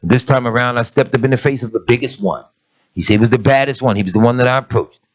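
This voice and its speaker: A middle-aged elder of an assembly preaches a conversational sermon, emphatic and plain-spoken, calling out to his listeners. His voice is medium in pitch and he talks at a quick pace. The recording is dull and lo-fi.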